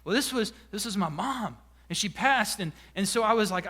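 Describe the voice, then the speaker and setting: A man's voice: sits high, animated, moderate pace, pushed and bright. A man, a pastor preaching a sermon and telling a personal story with emotion and frequent restarts. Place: church sanctuary.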